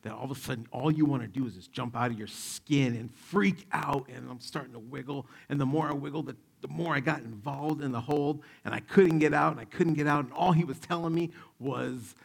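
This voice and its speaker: A man in his forties preaching a sermon, telling stories in an animated, joking way and acting out the quotes. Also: medium pitch, a little fast, gravelly, hardly any pauses, breathy edge. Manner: animated, jokey, acts out quotes. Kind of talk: sermon with personal storytelling.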